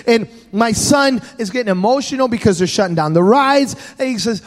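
A man with a very high voice delivers a sermon, telling stories with humor in a preacherly rhythm. His voice rings out through the long reverb of a large church sanctuary. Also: lively intonation, fairly quick. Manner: storytelling, joking, preacherly cadence. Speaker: pastor.

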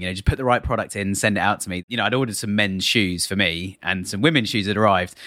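A British man hosting a podcast, telling stories in a lively way and acting out the exchanges in them. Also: mid-range voice, no echo, clean studio sound. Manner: animated storyteller who acts out exchanges. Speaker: podcast host. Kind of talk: conversational podcast chat.

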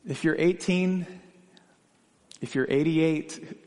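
Male pastor, fairly high voice, earnest questioning sermon delivery, long church reverb. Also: slow, a little mellow. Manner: questioning, earnest, personal anecdotes.

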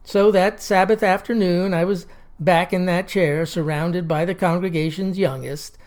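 A woman's voice: on the low side, steady tone, measured pace, a little mellow. A woman telling a comic story in a wry, folksy, drawling manner. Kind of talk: comic monologue.

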